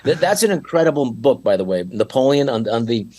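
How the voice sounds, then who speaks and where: A man talking as a podcast guest in a rambling, animated way, with frequent restarts. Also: medium pitch, brisk. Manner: animated, rambling, slips into mock accents. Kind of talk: casual podcast chat.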